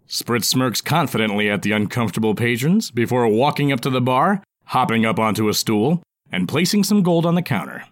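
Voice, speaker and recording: Male storybook narrator, very expressive pitch, dry close sound. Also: normal speed, dry recording.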